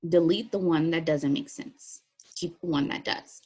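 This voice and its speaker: In a recorded classroom lesson walkthrough, a woman teacher with a slightly husky, somewhat low, darkish voice explains a writing task step by step. She reads the instructions at a measured pace, keeping her delivery plain and practical.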